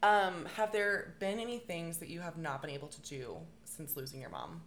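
A woman's voice: lowish voice, expressive, moderate pace, slight background noise. A woman hosting a casual conversation, listening supportively and asking questions. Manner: supportive listener, frequent short affirmations. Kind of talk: casual chat.

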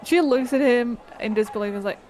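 A woman's voice: a little high, fast talker, darkish tone, a little hiss or hum. A woman player in a tabletop game, narrating her character's actions in a laid-back way. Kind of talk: tabletop role-play narration.

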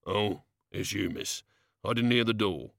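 A man doing a slow, gruff working-class barman. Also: on the low side, a bit bright, dry recording, clean studio sound. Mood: grumbling. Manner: slow grumbling speech, dropped grammar.

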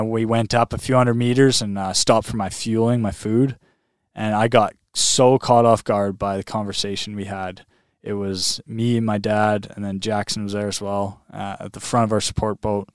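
Man, casual storyteller, smooth low voice, close dry mic. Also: normal speed, no room sound. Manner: animated, heavy on fillers like "like" and "man". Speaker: guest recounting a long lake swim.

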